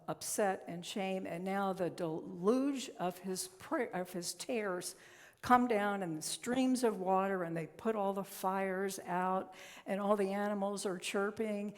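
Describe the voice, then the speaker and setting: A woman minister giving a conversational, story-telling sermon in a church sanctuary. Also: mid-range voice. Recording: long reverb in a church hall.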